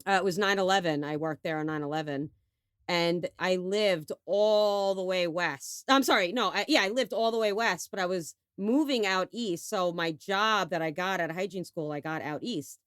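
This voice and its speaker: A woman's voice: fairly low pitch, moderate pace, clear, resonant tone, no echo, clean studio sound. A woman in her forties from New York, co-hosting a casual podcast chat, telling stories animatedly, acting out quotes and swearing freely. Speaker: podcast co-host.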